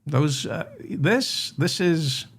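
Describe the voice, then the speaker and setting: A man delivers a comic news monologue in a mock-serious, deadpan tone. His pitch swings widely between low mutters and sharp indignant rises. He takes his time and speaks at an unhurried pace. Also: slightly rough. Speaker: comedy news host.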